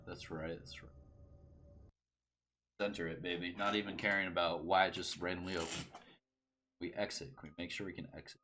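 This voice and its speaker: Casting note: laid-back gamer, lowish voice, reads narration aloud with stumbles. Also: male voice, fairly even intonation, brisk, long pauses, sharp tone, slight background noise. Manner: casual, swears mildly, reads aloud with stumbles. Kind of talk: let's play commentary and narration.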